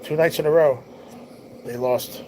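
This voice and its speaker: A man's voice: a little high, fairly even intonation, measured pace, background noise. A man hosting a casual livestream, chatting in an easygoing, rambling way and reading viewer comments aloud, his nose stuffy and his voice tiring. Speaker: livestream host.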